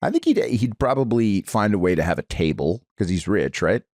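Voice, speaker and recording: A man's voice: fairly low pitch, expressive, fairly quick, a little mellow, no room sound, clean studio sound. Goofy self-mocking male co-host. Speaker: podcast co-host. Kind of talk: casual podcast banter.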